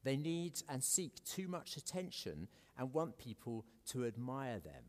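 A man's voice: medium pitch, big pitch swings, measured pace. A man with an English accent preaching a sermon in a conversational, self-deprecating way, with many fillers and restarts. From South Africa. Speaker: pastor. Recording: echoey hall with long reverb.

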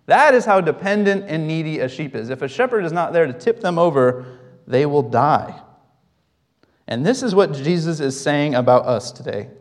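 Young pastor preaching in a reverberant hall. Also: male voice, a little high. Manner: conversational storytelling, asks the congregation questions. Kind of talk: sermon.

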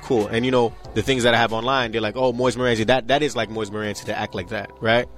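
A man's voice: lowish voice, quick pace, faint music behind. A young man, telling his story casually in an interview and acting out the voices of the people in it. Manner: animated, acts out quoted voices, frequent "you know what I'm saying". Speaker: interview guest.

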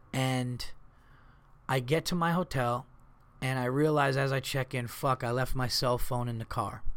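A man, a comedian hosting his podcast, telling stories in an animated, profane, exasperated rant. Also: medium pitch. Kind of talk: casual storytelling rant.

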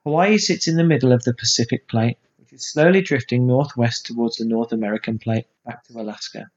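A man presenting a school broadcast in a measured, explanatory way. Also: medium pitch. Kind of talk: scripted presenting. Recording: dull lo-fi sound.

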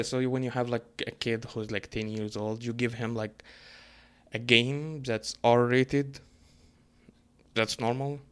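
Profane, exasperated man ranting casually. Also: mid-range voice. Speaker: storyteller.

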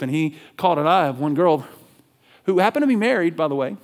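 A male pastor preaching a sermon in an animated, conversational storytelling way. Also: on the high side, brisk.

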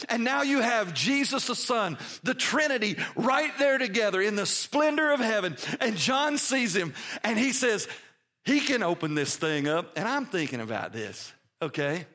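A man preaching a sermon, telling stories with feeling and swinging from hushed to loud. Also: high-pitched, big pitch swings, normal speed. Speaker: pastor.

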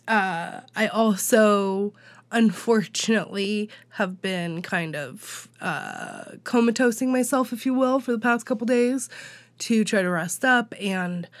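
A woman's voice: medium pitch, no echo. A woman hosting a podcast while sick with a cold, her voice nasal, chatty and self-deprecating as she reads out news. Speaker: podcast host. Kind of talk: casual podcast news update.

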